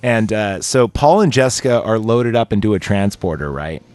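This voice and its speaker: With a lowish, darkish voice and lively intonation, this podcast host chats casually at a moderate pace about a movie scene. He fills his rambling with plenty of fillers and performs the characters' lines, while faint music plays behind him.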